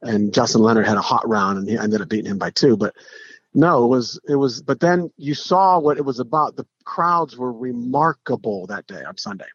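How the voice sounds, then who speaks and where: A middle-aged man, a podcast guest, telling stories in a casual, animated way, with frequent restarts and acted-out quotes. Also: mid-range voice, normal speed, no room sound. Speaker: podcast guest, pro golfer. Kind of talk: casual storytelling. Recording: dull lo-fi podcast audio.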